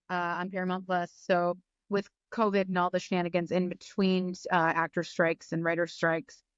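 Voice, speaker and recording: Chatty animated woman guest. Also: on the low side, clear, resonant tone, no echo, muffled recording. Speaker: actress guest. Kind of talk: casual interview chat.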